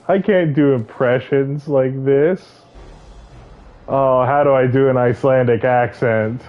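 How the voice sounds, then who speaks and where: A man streaming a game, talking casually at a mid pitch. He reads game lines aloud and jokes with his chat. Soft game music plays under slightly muffled stream audio. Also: steady tone, a little slow.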